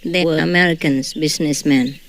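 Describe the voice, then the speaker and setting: A woman's voice: low voice, fairly even intonation, brisk. A woman who is not a native English speaker gives an informal, joking talk to her followers as a spiritual teacher. She often tags her sentences with a questioning "huh?".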